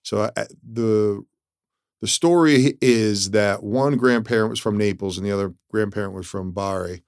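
A middle-aged man with a fairly low voice talks in an easygoing, rambling way, often restarting his sentences. The sound is dry and close, with no room around it. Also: moderate pace, clear, resonant tone, no room sound. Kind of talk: casual travel chat.

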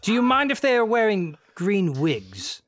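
A man's voice: high voice, wildly swooping pitch, unhurried, noisy background, exaggerated voice. A man improvising a pompous Indian prince who speaks in a put-on posh British accent, haughty and theatrical, often cracking up. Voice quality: theatrical, haughty, breaks into laughter. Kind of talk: improv comedy role-play.

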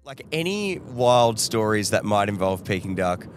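An Australian man co-hosting a podcast who chats casually and chimes in with quick reactions. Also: fairly low pitch, big pitch swings, music in the background. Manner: laughing, chiming in with quick reactions. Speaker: podcast co-host. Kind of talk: casual chat. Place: tour bus.

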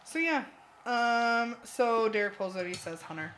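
A co-host on a casual podcast, recapping a reality show with animated, exasperated asides. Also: medium pitch, measured pace, background noise.

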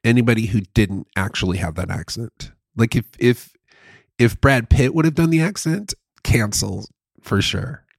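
A man's voice: mid-range voice, moderate pace, gravelly, slightly rough, no room sound, clean studio sound. A man co-hosting a casual chat, joking and sliding into comic bits that he repeats. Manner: jokey, goes into comic bits and repeats them. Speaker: podcast co-host.

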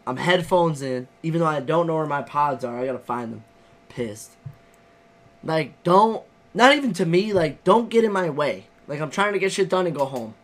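Young male co-host, fairly high voice, animated storyteller who curses freely. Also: moderate pace. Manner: animated, profane, acts out his own reactions. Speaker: podcast co-host. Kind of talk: casual chat.

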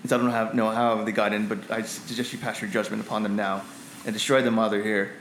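A man's voice: fairly low pitch, little pitch movement, fast, a bit bright, roomy sound, a little hiss or hum, rough recording. A man voicing an older male advisor who sternly urges harsh judgment. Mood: hostile. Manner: stern, urging.

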